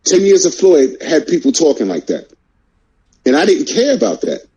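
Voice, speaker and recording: A man's voice: fairly high pitch, very animated, moderate pace, mellow, husky, low-quality recording. A man hosting a boxing talk show, fired up, repeating his words and firing off rhetorical questions.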